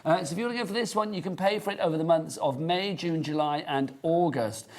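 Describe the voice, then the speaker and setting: A man's voice: on the high side, fast talker, darkish tone. A Welsh man presenting a live TV shopping show, chatty and teasing. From Wales.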